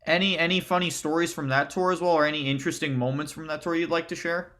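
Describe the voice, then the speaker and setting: A man's voice: on the high side, steady tone, quick pace, a bit bright. A man interviewing a musician, asking questions with stammers and repeated words.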